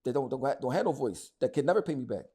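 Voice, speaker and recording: A man's voice: medium pitch, lively intonation, quick pace, mellow, husky. A middle-aged man, talking as an interview guest, angry and emphatic, repeating himself and cursing a lot. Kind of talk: heated casual interview talk.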